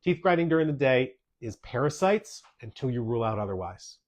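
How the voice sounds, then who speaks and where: A man's voice: medium pitch, sing-song, brisk. A man hosting a podcast as a doctor, answering listener questions in a casual, emphatic way, repeating key points and checking in with "okay?".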